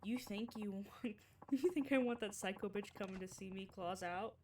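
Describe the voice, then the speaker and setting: A woman's voice: medium pitch, fairly even intonation, moderate pace, darkish tone, far from the mic, a little hiss or hum, natural voice. A woman voicing crude, aggressive male street thugs in a video game. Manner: aggressive, sneering, foul-mouthed.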